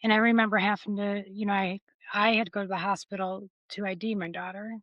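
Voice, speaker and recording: A woman hosting an interview podcast who asks questions gently and murmurs soft affirmations as she listens. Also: mid-range voice, level tone, fast, no echo, highs cut off. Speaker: podcast host. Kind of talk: interview conversation.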